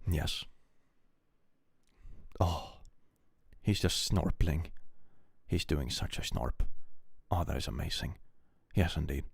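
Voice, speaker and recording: A man's voice: a bass voice, slow, creaky, pauses often, slightly rough, dry recording, studio quality. A man live-streaming from home, chatting playfully and reacting to his viewers' messages. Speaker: livestreamer. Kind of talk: casual livestream chat.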